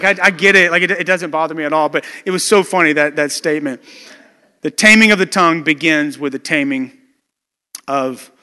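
A high, bright male voice preaching a sermon with long reverb trailing off each phrase, as a big church hall gives. He is a pastor who talks in a loose conversational way, tells stories, and often restarts his sentences.

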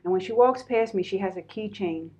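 Heard through dull audio, this interview guest's mid-range voice has a dark tone and a fairly quick pace. She's a middle-aged Pennsylvanian sharing her own story conversationally, animated and candid, peppered with fillers.

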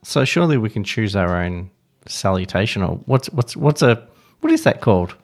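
A man's voice: fairly low pitch, very animated, moderate pace, darkish tone. A man, co-hosting a podcast in casual chat, wry and rambling with restarts. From Australia. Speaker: podcast co-host.

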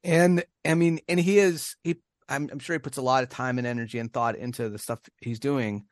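A man's voice: mid-range voice, steady tone, fairly quick, dry recording, clean studio sound. An American man co-hosting a casual podcast chat, rambling with many restarts and laughs. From United States. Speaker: podcast co-host.

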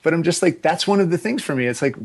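A man in his forties, a podcast guest chatting casually, relaxed and rambling with restarts and asides. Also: on the high side, fast. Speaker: podcast guest, agency founder. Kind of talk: casual interview chat.

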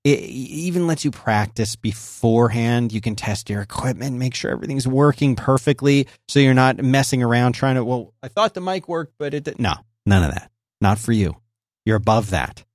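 A man co-hosting a podcast in casual chat, easygoing and quick to laugh, telling stories. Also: medium pitch, a little mellow, dry recording, clean studio sound. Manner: easygoing, laughs often, tells anecdotes. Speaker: podcast co-host. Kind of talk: casual chat, reads a sponsor spot.

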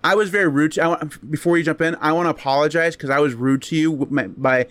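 A man's voice: a little high, fairly even intonation, fast, a bit bright, dry recording. A man hosting a casual podcast, talking in a rambling, laid-back way. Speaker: podcast host.

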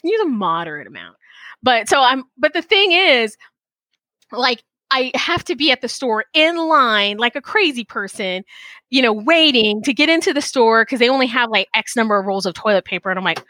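A woman hosting a podcast in casual chat, animated and full of fillers, acting out her own quotes, speaking into a headset mic. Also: fairly high pitch, moderate pace, no room sound. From Texas. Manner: chatty, animated, many fillers and acted-out quotes. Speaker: podcast host. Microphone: call center headset.

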